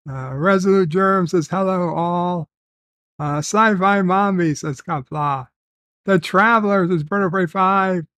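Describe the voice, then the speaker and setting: A man hosting a casual livestream, reading viewer comments aloud and telling rambling stories with many filler pauses. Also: high voice, fairly bright tone, clear, resonant tone, no room sound. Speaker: livestream host.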